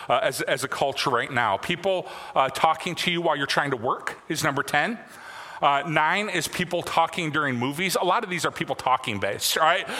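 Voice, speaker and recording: A man in his forties preaching a sermon as pastor in a church, speaking haltingly with many fillers and restarts. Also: fairly high pitch, bright, forceful tone. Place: church sanctuary. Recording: long reverb of a church hall.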